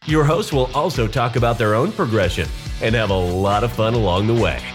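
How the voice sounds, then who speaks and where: A man's voice: medium pitch, a little fast. A man reading a scripted podcast intro in an upbeat promotional tone. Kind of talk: scripted announcer intro over music. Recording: music bed behind.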